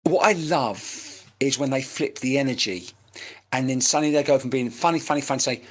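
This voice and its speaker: A man's voice: mid-range voice, a little fast. A man, working as a medium in a live-streamed reading, talking in a chatty, rambling way with casual banter and swearing, recorded on a webcam mic.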